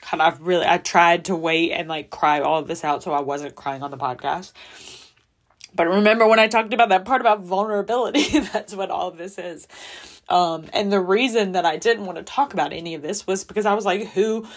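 Speaking a little fast in a voice on the low side, a podcast host talks candidly about her personal struggles. Her confessional talk is emotional, and at times she comes close to tears.

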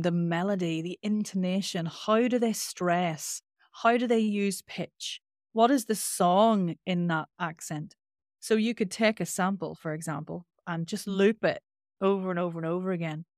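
A woman with a Northern Irish accent and a nasal twang, a voice coach explaining things in an interview with lively demonstrations. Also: mid-range voice, no room sound, clean studio sound. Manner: animated, demonstrates with sung-out sounds.

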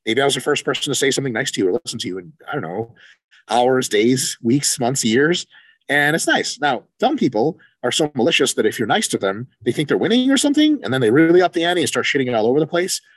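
A man co-hosting a casual podcast chat, animated and profane, acting out quoted exchanges as he talks. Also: mid-range voice, fast, husky, dry recording. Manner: animated, swears freely, acts out quoted exchanges. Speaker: podcast co-host, coach.

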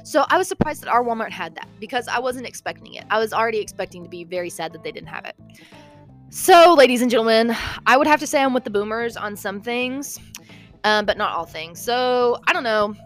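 A woman's voice: on the high side, fast talker, faint music behind. A young woman, rambling animatedly in a casual vlog and sounding a bit out of breath. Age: young adult. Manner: animated, rambling, lots of "okay?" and "like". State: slightly out of breath. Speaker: vlogger.

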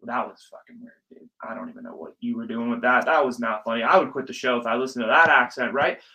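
A man's voice: medium pitch, steady tone, fast, pushed and bright, poor audio. A young man hosting his podcast aftershow in a casual, rambling, profane rant, sniffly from allergies. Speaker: podcast host.

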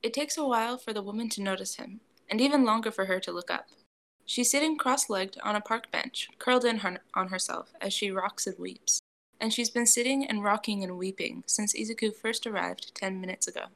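A woman reads a fan fiction story aloud in a gentle, even manner, with a gravelly, creaky edge to her voice at a middle pitch. Her delivery is steady, suited to a long audiobook. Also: a little fast. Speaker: narrator.

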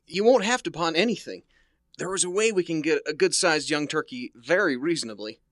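A man's voice: on the high side, lively intonation, brisk, a bit bright, dry recording, clean studio sound. An actor playing a shy, awkward male teacher in a 1950s radio comedy, hesitant and fumbling. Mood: bashful.

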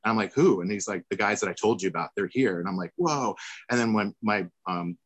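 A man's voice: fairly low pitch, a little fast, dry recording, rough recording. Man telling a rambling tour story. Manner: rambling, acts out quoted voices. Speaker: tour manager guest. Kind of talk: casual storytelling.

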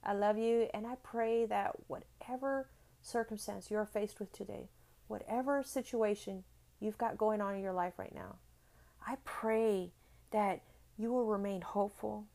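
A woman's voice: mid-range voice, fairly even intonation, unhurried, gravelly. Woman host of a devotional podcast; earnest, heartfelt delivery that builds when quoting scripture. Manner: earnest, heartfelt, repeats phrases for emphasis; swells louder when reading scripture. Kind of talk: devotional encouragement talk.

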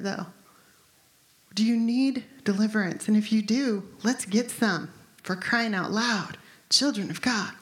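A woman in her fifties preaching a conversational, emphatic sermon as pastor. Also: mid-range voice. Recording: echoey room.

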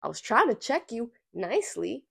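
A woman's voice: on the high side, moderate pace, creaky, breathy edge. A woman hosting a podcast, telling a workplace story in a casual rant. She is sassy and profane, and she acts out the people she quotes. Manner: lively storytelling with acted-out quotes. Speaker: podcast host. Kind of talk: casual ranting monologue.

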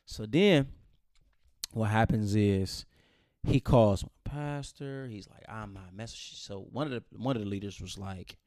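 Here a lowish-voiced man speaks a bit slowly in a dry, studio-quality recording. He recounts a personal story in relaxed conversation, animatedly quoting other people and repeating himself.

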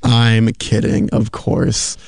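A man's voice: on the low side, steady tone, slow pace, gravelly, a little hiss or hum. A man co-hosting a casual comedy chat, rambling and joking and laughing often. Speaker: podcast co-host.

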